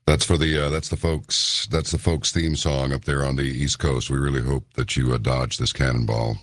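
Radio host, man with an extremely low, husky voice, folksy and chatty, close dry mic. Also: flat delivery, moderate pace, dry recording. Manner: folksy, chatty, interjects with brief affirmations. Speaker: radio talk show host. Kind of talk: late-night radio interview.

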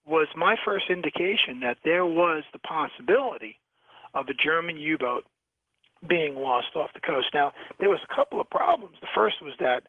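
A man from New York, a shipwreck diver, telling stories as a radio guest over the phone, halting with many restarts and repeated words. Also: on the high side, no room sound. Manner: lively storyteller. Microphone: telephone. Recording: tinny phone line, dry.

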